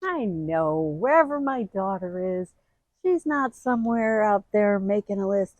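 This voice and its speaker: A middle-aged woman giving heartfelt advice straight to camera, earnest and emotional, with sudden expressive bursts. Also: mid-range voice, a little slow, no room sound, poor audio. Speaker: grief video host.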